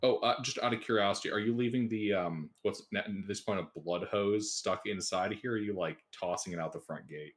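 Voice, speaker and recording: A man's voice: on the low side, a little fast, hardly any pauses. A man running a tabletop game as game master, in an easygoing way.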